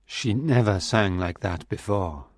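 An earnest young gentleman in love, voiced by a storybook narrator in a lowish, measured voice. He speaks slowly and deliberately. The sound is close and dry. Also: slightly rough, dry recording. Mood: worried. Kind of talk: audiobook reading of a graded reader.

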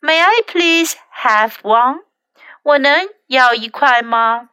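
A woman voicing a patient storybook mother, gentle and firm, bright and slow, close dry sound. She coaxes rather than scolds, with a light, high-set tone. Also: expressive, clean tone, no room sound, exaggerated voice. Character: patient mother teaching her son manners.

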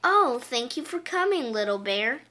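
A woman's voice: on the high side, very animated, a little slow, sharp tone, exaggerated voice. A woman voicing a welcoming bunny mother in a storybook, cheerful and sing-song.

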